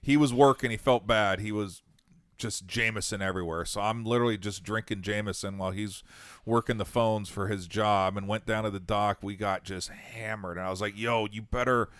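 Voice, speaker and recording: A middle-aged man hosting a podcast, telling animated stories in casual banter, swearing and laughing as he goes. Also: fairly low pitch, fairly quick, no echo. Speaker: podcast host.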